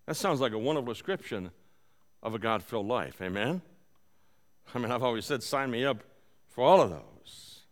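During a live-streamed service, a pastor with a mid-range voice tells a personal story in a conversational sermon. He moves between soft, quiet passages and loud, animated bursts.

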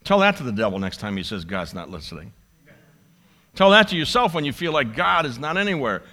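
A man's voice: mid-range voice, big pitch swings, fairly quick, long pauses, bright, forceful tone. A male pastor preaching a sermon, acting out a pleading prayer with drama and repeating his key lines for emphasis.

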